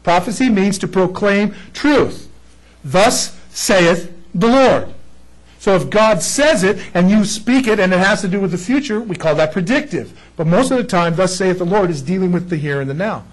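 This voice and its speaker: Man, middle-aged, high voice, excitable sermon teacher, checks in with the audience. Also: a little fast, hardly any pauses, poor audio. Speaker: Bible teacher.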